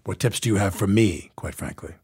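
A man hosting an interview, asking questions in an easygoing, teasing way. His voice sits fairly low. It has a husky, slightly rough texture. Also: brisk, a little mellow. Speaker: interviewer and actor. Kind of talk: casual interview conversation.

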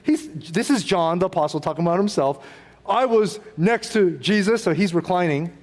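A middle-aged man delivers a sermon in a high, bright-sounding voice. He talks to the congregation casually, acting out little scenes and tossing in asides. The sound carries the long reverb of a large church hall. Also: normal speed. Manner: conversational, animated, acts out quotes with asides. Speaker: pastor.

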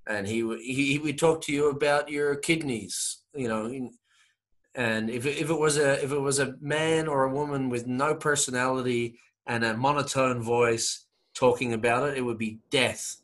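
A man's voice: mid-range voice, steady tone, moderate pace, fairly bright tone. A man hosting a podcast, telling a rambling story in casual chat with emphatic repetition.

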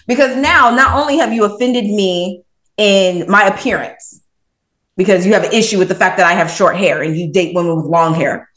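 A woman's voice: medium pitch, moderate pace. A woman, a podcast guest, telling a personal story casually, acting out the back-and-forth dialogue. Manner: animated, retells her own dialogue with lots of "I was like". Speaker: podcast guest, author and reiki practitioner.

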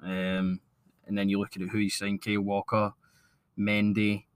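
A man co-hosting a football podcast, giving measured opinions in casual chat. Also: on the low side, monotone, clear, resonant tone, no room sound. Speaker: podcast co-host.

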